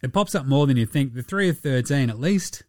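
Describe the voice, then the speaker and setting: A young Australian man hosting a casual solo sports podcast, sweary and laughing through animated asides. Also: medium pitch, brisk, no echo, studio quality. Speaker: podcast host.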